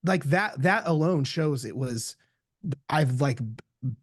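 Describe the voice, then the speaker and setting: Brief: male guest, slightly high voice, candid and animated, curses a lot, dry close sound. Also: slow pace, no room sound. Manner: animated storytelling, swears freely. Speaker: podcast guest. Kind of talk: candid casual conversation.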